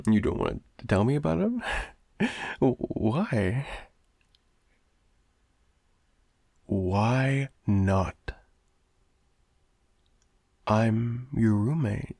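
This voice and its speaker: A man's voice: medium pitch, animated, slow, gravelly, a little mellow, no room sound, clean studio sound, heavily acted. A young man voicing a clingy, obsessive male roommate in an improvised audio roleplay, rambling and stammering with nervous laughs. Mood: unsettled, possessive.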